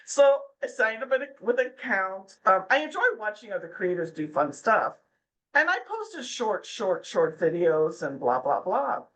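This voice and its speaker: A middle-aged woman talks as a guest on a podcast, with a voice of ordinary pitch. She tells her stories in a lively, chatty way and often acts out the people she quotes. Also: moderate pace, rough recording. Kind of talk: casual interview chat.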